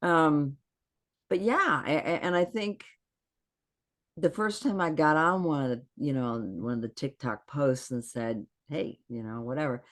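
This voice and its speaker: A woman's voice: low voice, unhurried. A woman guest on a podcast video call, telling stories in casual chat and acting out what people said. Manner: animated storyteller acting out quotes.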